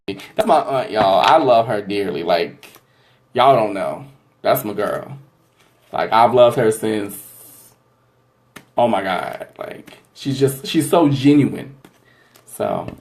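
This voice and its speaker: Male tarot-reader host on a live stream, chatty, affectionate, quick to gush with thanks. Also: medium pitch, a little mellow. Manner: affectionate, calls viewers y'all and honey; gushing and effusive with thanks. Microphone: livestream from a phone or webcam.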